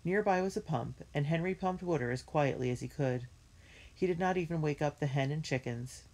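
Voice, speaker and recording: A woman reading a children's book aloud in a clear, measured storytelling manner. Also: low voice, a little mellow. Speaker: reader.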